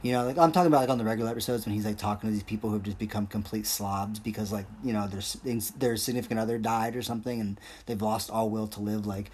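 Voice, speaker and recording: A man's voice: on the low side, fairly even intonation, fast, few pauses, darkish tone, slight background noise. A young man hosting a solo podcast, rambling and joking in a crude, casual way. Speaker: podcast host.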